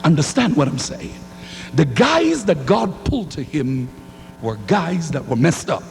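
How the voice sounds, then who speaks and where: A man preaches with fire, his high voice leaping up and down and breaking into shouts. His tone is gravelly, and it rings out with a long hall reverb over a faint hum. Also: very animated, a little slow. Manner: fiery, rising to shouts, call-and-response. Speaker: pastor. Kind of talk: sermon. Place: church sanctuary.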